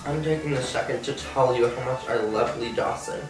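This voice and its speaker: A man's voice: medium pitch, fairly quick, reverberant, distant mic, music in the background, rough recording. A man co-hosting a podcast in playful, theatrical casual chat. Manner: playful, theatrical, breaks into song. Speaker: podcast co-host.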